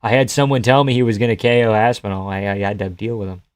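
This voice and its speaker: A man's voice: on the low side, fast talker, clean tone, no echo. A young Canadian man casually commenting on fights on a live stream, joking, swearing and laughing as he reacts to chat.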